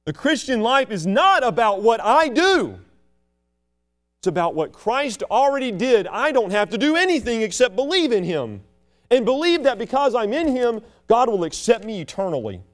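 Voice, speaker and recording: Impassioned male preacher, lively pitch. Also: normal speed. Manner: impassioned, swings between loud and hushed; mocks proud churchgoers in a sneering low voice. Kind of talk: sermon.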